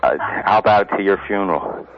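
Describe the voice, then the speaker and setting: A man's voice: fairly low pitch, brisk. A man calling in to a radio show, drawling and sardonic. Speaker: caller. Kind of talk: call-in on a phone line. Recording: noisy, tinny phone line.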